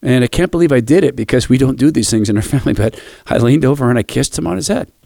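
Guy with a low gravelly voice telling a quiet personal story for a radio devotional, dry close sound. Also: expressive, fast, dry recording.

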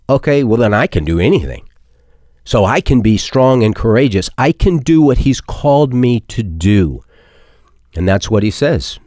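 A man hosting a Bible teaching program, preaching a sermon with emphasis and slowing down on key words. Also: on the low side, darkish tone, dry recording, clean studio sound. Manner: emphatic, stretches key words, quotes scripture with rising force.

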